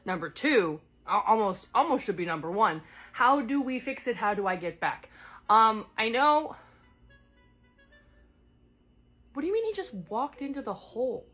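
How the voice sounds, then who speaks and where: A woman's voice: on the high side, very animated, normal speed, a bit bright, soft background music. A woman voicing a chatty goddess stranded in another world. She speaks in a rambling way, full of fillers and self-corrections. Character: chatty displaced goddess, scattered but caring. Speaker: one-sided role-play character. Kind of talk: improvised solo role-play.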